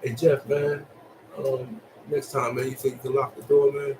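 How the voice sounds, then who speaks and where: A man voicing a polite, apologetic male roommate asking a favor softly and hesitantly. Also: mid-range voice, little pitch movement, moderate pace, noisy background, natural voice. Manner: soft, hesitant, deferential.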